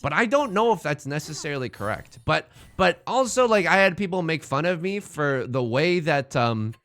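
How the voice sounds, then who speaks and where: Lively, bright-voiced young man streaming. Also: fairly high pitch, moderate pace. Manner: joking, rambling, playful. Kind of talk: casual live-stream game commentary.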